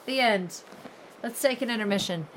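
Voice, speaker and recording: A woman hosts a reading of fairy tales, frequently breaking off for sarcastic, mock-exasperated commentary in a comic storytelling style. Her voice is a little high and a bit bright, her speed normal, and there's a little hiss or hum.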